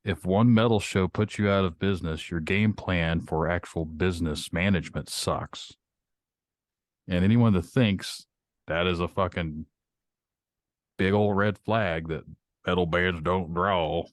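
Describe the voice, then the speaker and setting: A man's voice: low-pitched, unhurried, no room sound, studio quality. A man hosting a podcast, ranting bluntly with lots of swearing in casual chat. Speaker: podcast host.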